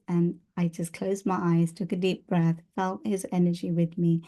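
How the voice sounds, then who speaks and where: A woman's voice: on the low side, flat delivery, moderate pace, few pauses, dark tone. A woman telling personal stories in a casual, chatty way, with many fillers, restarts and laughs. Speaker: spiritual teacher and video host.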